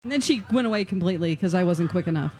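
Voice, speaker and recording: A woman's voice: lowish voice, lively intonation, rapid-fire, warm tone. A woman in casual chat, telling stories playfully and laughing.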